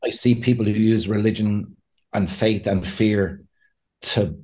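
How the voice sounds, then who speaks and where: A man's voice: fairly low pitch, fairly even intonation, unhurried, darkish tone. A man with an Irish accent, a pastor and counselor speaking as a podcast guest in a laid-back, sincere way, acting out the voices of the people he quotes. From Ireland. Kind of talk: conversational interview.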